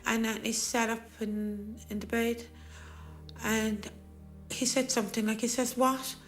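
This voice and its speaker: A middle-aged Irish woman speaking in an interview as a bereaved mother, with a soft, halting and hesitant way of talking. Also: fairly high pitch, level tone, soft background music. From Ireland. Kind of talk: emotional interview recollection.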